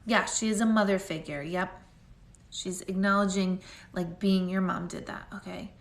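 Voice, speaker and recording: A woman's voice: mid-range voice, fairly even intonation, normal speed. Chatty woman medium in a roomy space. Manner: chatty, rambling, heavy use of "like". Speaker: intuitive medium. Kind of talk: live-stream psychic reading.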